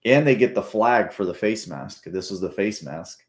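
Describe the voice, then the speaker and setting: A man's voice: on the low side, expressive, moderate pace. A man giving casual, rambling, profane commentary while rewatching a football game. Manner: rambling, profane, restarts often. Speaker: sports fan commentator.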